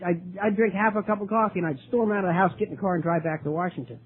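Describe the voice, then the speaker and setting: An older man speaking at a recovery meeting, telling his story earnestly, with many halting restarts. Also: high-pitched. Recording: tinny lo-fi recording, faint hiss.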